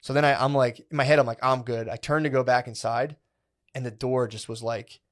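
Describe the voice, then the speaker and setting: This podcast co-host has a mid-range, steady voice and talks a little fast. He rambles through a long story in casual storytelling chat, profane and slangy, packed with "dude" and "like."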